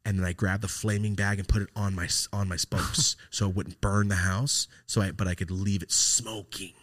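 Lower-voiced man telling profane stories. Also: normal speed. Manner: profane, animated, acts out voices in his stories. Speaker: podcast host. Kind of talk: casual storytelling chat.

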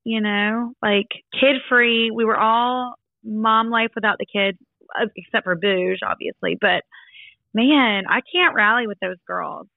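A woman in her thirties co-hosting a casual chat podcast, a little raspy, playful and laughing as she tells stories. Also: a little high, unhurried, no echo. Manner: playful, storytelling, laughs often. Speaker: podcast co-host. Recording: tinny phone-like remote line.

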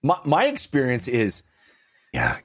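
A man co-hosting a video game podcast in casual chat, talking in a halting, playful way. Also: medium pitch, huge pitch swings, husky. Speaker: podcast co-host.

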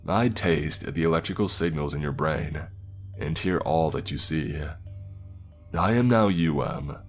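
A man doing a slow, ominous internet being. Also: rumbling low, faint music behind. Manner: slow, plain, commanding. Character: genderless voice of an all-knowing internet being.

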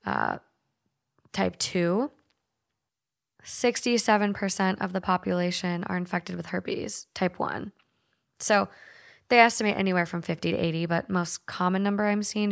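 A woman's voice: mid-range voice, gravelly. A young woman from Minnesota hosting a podcast, chatting casually, swearing freely and using lots of filler words. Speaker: podcast host. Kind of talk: casual chat, reading stories aloud.

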